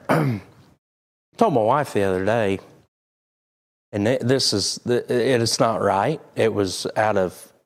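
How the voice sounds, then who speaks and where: A man's voice: on the low side, slow pace, long pauses. A man preaching a sermon, talking candidly and conversationally. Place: church sanctuary.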